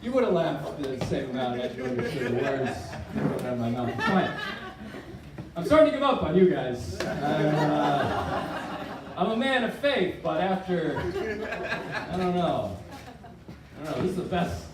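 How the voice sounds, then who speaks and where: A man's voice: on the high side, expressive, measured pace, long pauses. Rambling thirty-year-old male comic. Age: 30s. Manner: rambling, self-deprecating. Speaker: stand-up comedian. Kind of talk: live stand-up set. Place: live comedy venue. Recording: echoey room from far off, crowd noise.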